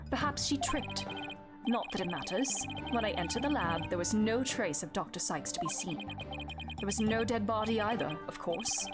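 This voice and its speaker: A woman voicing a brooding, theatrical male samurai prosecutor, reading game dialogue aloud over loud game music. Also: mid-range voice, expressive, moderate pace, close to an everyday voice. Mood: scornful. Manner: dramatic, sneering.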